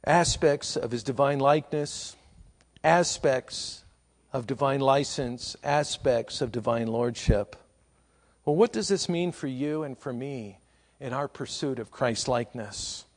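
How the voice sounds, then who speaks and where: A man preaching a sermon, asking rhetorical questions and building to slow, emphatic repetitions. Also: mid-range voice. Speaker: pastor.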